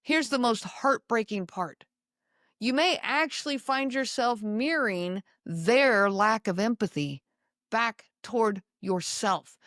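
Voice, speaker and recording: A woman hosting a podcast, speaking slowly and emphatically to her listeners and repeating key lines. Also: fairly high pitch, a bit bright, no echo, studio quality. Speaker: podcast host. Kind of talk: solo talk to listeners.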